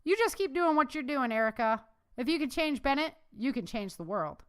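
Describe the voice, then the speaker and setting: A woman's voice: high voice, animated, normal speed, clean tone, voice pushed up. A woman voicing a sarcastic, jesting male ex-Marine in a storybook reading. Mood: wry jesting. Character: wry, sarcastic male ex-Marine security man.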